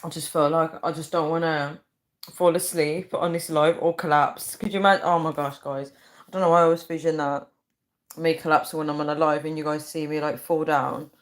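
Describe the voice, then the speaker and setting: A woman's voice: deep voice, level tone, fairly quick. A young woman chatting casually on a live stream, rambling and reading viewer comments aloud. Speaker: livestreamer.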